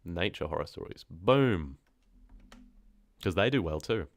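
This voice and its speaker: Speaking a little slowly in a deep, creaky voice, a horror narrator and streamer from New Zealand chats casually with his live viewers. He rambles comfortably and laughs often, and the audio is dry and close with no echo.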